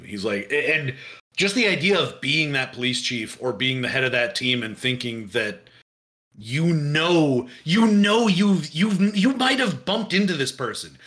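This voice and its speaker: A man in relaxed conversation with a fairly high, bright and forceful voice. He talks loosely and jokes often, breaking into laughter. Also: unhurried. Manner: jokey, puts on gruff voices, laughs often. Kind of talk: casual chat.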